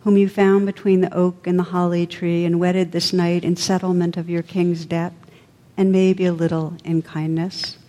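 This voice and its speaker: A gentle, wise enchanted lady speaks low and soft, as a woman reading a storybook gives her voice. The pitch sits fairly low, the tone is dark and mellow, and a long hall reverb trails every word. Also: little pitch movement, normal speed, close to an everyday voice.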